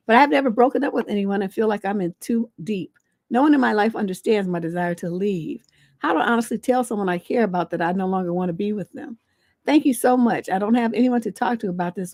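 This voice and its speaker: A woman hosts a livestream advice show as a relationship coach, speaking bluntly and sassily and swearing freely. Her voice is slightly high, and the recording is dry.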